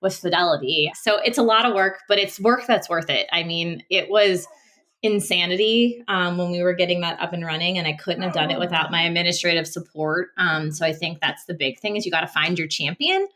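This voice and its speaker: A woman guest on a podcast speaks with real passion, circling back and restarting as she builds her point. Her voice sits a little low yet has a bright, forward edge. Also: fairly quick. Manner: earnest, passionate, many restarts and fillers. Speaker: guest, speech-language pathologist. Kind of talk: casual podcast interview.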